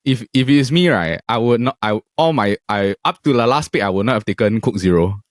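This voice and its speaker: A man's voice: medium pitch, no echo. A man with a Singaporean English accent hosting a casual podcast chat, sprinkling his talk with lah and leh. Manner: lively, quick, uses lah and leh particles. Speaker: podcast host.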